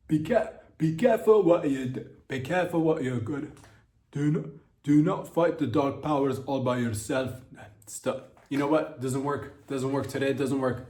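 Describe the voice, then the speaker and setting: A man hosts a comedy podcast in a loose, rambling rant, swearing freely and restarting his sentences. His voice sits at an ordinary middle pitch. The room gives it a noticeable echo. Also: darkish tone. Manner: rambling, profane, many restarts.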